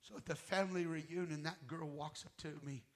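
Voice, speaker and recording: A male guest minister preaching a sermon, telling his own story with emotion, swinging from fervent loud passages to hushed near-whispers. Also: on the high side, fairly even intonation, a little fast. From United States. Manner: emotional testimony, voice rising to loud fervor and dropping to near-whisper.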